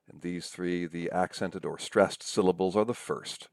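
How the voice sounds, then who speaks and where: Lecturer: man, low raspy voice, patient and explanatory. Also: expressive, dry recording, studio quality. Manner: explanatory, reads examples slowly. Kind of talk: recorded lecture.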